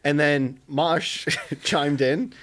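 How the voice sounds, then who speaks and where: A man's voice: on the high side, steady tone, very slow, fairly bright tone. A man co-hosting a podcast, mostly chiming in with short encouraging replies in casual chat. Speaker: podcast co-host.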